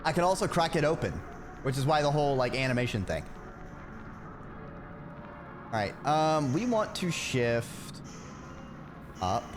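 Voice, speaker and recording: A playful male streamer who talks through his game in a loose, chatty way, his pitch bouncing around a lot as he reacts. He speaks slowly and takes his time, and a steady hiss of noise sits under the voice. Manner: playful, chatty, muttering to himself. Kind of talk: casual gameplay chat.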